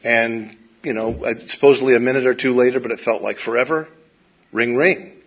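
A middle-aged man telling a personal recovery story to an audience in a wry, self-deprecating way, with halting restarts. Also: mid-range voice, steady tone, husky. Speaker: speaker sharing a recovery story. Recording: dull lo-fi recording.

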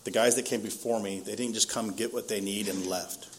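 Candid self-mocking man, fairly low voice. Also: fairly even intonation, fairly quick, a little hiss or hum. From Southern California. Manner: candid, self-deprecating, laughs often. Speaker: speaker at a recovery meeting. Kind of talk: personal recovery testimony.

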